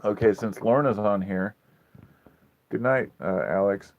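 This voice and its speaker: Livestreaming casually from his phone, a Pacific Northwest man rambles through long stories with frequent swearing. His fairly low, creaky voice is unhurried, and the dull lo-fi phone audio carries a little hiss or hum.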